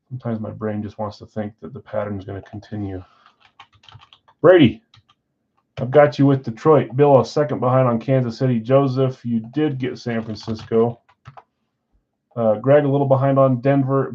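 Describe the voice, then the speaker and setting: A man's voice: medium pitch, steady tone, normal speed, long pauses, dull audio. A man hosting a live card break from a card shop, chatting casually while rattling off names and teams.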